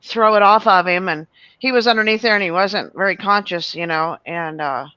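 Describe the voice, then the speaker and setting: Speaking at a moderate pace in a mid-range voice, a woman animatedly rambles through a long story on a show, restarting often and filling gaps with fillers. The audio has no echo, and its high frequencies are cut off.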